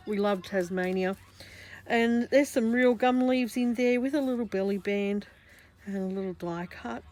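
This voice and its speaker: A woman's voice: medium pitch, a little mellow. A woman with an Australian accent, chatting casually through a craft journal flip-through, meandering and often correcting herself. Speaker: craft vlogger.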